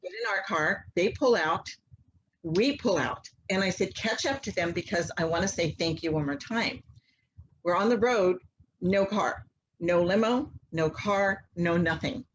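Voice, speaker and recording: A woman guest telling a long personal story in a casual, animated way, acting out the voices of people in it. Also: on the low side, measured pace, muffled recording, slight background noise. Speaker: interview guest, mother.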